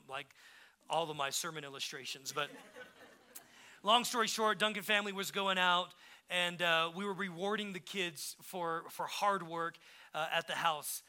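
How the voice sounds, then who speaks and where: A male pastor preaching a sermon with passion, swinging from hushed, tender moments to emphatic peaks, full of conversational asides and quick restarts. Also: a little high.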